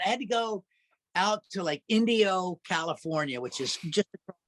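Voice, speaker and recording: A man's voice: sits high, expressive, moderate pace, a bit bright, dry recording. A man guest telling stories in a casual interview, chatty and laughing often. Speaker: musician guest.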